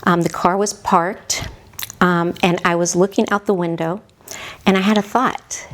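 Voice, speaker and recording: A woman in her sixties, a podcast guest, telling her own story in a halting, heartfelt way that often drops toward a whisper. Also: on the low side, steady tone. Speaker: podcast guest, mother of the hosts. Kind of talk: reflective personal storytelling.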